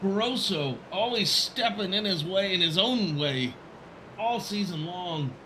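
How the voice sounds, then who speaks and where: A man calling a sim racing broadcast, excitable and quick to shout at big moments. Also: high-pitched, a little hiss or hum. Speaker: race commentator. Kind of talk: sim racing play-by-play commentary.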